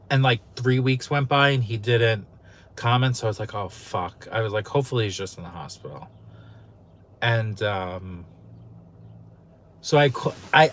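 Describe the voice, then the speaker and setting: A man's voice: mid-range voice, fairly bright tone. Candid, foul-mouthed man telling a story. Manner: candid, emotional, swears freely. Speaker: YouTube channel host. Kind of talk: casual storytelling vlog.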